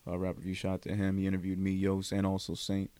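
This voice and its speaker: A man's voice: low voice, monotone, fast, mellow, no room sound. A young man co-hosting a podcast, chatting casually in a laid-back, rambling way with plenty of swearing and fillers. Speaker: podcast co-host. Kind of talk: casual chat.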